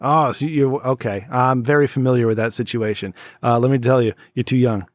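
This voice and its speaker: A man's voice: mid-range voice, fairly even intonation, a little fast, no echo, studio quality. A man in his forties hosting a casual podcast chat, telling stories in a laid-back way and swearing freely. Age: 40s. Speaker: podcast host.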